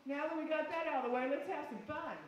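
A woman's voice: high voice, fast, a little hiss or hum. A woman with a Southern accent doing brash, bawdy stand-up comedy at an open mic in a small bar. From Colorado-based, from the US. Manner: brash, bawdy, folksy punchlines. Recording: echoey bar room, distant mic.

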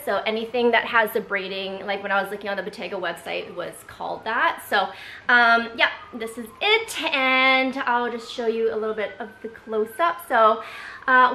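A woman's voice: a little high, sharp tone, reverberant, slight background noise, poor audio. A woman vlogger chatting casually through an unboxing, rambling with lots of filler words. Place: home room indoors.

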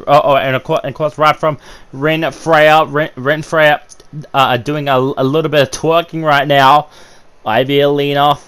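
A man doing amateur play-by-play commentary on a wrestling video game, excitable and full of fillers and stammered restarts. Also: on the high side, normal speed, smooth.

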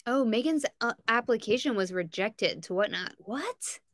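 A woman who is a giggly, chatty livestream host with a bright voice and a higher pitch, close dry sound. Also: lively intonation, moderate pace, dry recording. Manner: giggly, chatty, reads viewer comments aloud. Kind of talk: casual livestream chat.

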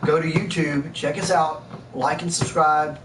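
A man's voice: fairly high pitch, fairly even intonation, a little slow. A man, co-hosting a casual live stream in a playful, goofy way. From Mobile, Alabama. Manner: playful, goofy, bouncing between voices. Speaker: co-host. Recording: roomy, distant mic, noisy ambience.

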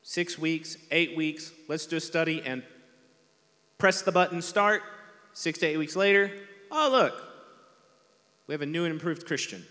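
A man's voice: fairly high pitch, moderate pace, bright, forceful tone. A man preaching a conversational sermon as pastor, self-deprecating and acting out quotes. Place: large church hall. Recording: long hall reverb from a church PA.

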